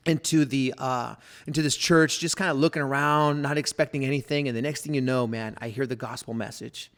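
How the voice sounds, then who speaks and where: A middle-aged man, a pastor, telling his personal story in a podcast interview, earnest and full of fillers, at times dropping to a hushed voice. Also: medium pitch.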